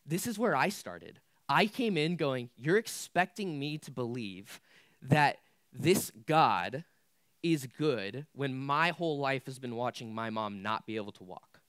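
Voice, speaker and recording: A man's voice: mid-range voice, animated, unhurried, fairly bright tone, clean tone, dry recording, studio quality. A young man preaching a casual youth sermon, candid and conversational with lots of filler words. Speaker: youth pastor.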